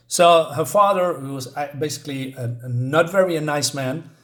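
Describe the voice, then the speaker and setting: Casual male reviewer, a bit high-voiced, halting and filler-heavy. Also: fairly bright tone. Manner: hesitant, many ums and restarts. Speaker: comic book reviewer.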